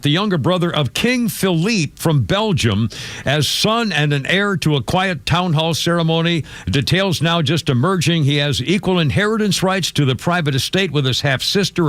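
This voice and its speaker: A male talk radio host with a lively, rising-and-falling delivery, leaning on "uh" and restarts as he reads out a story. The studio sound is dry and close. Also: on the high side, no echo. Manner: animated, many fillers and restarts.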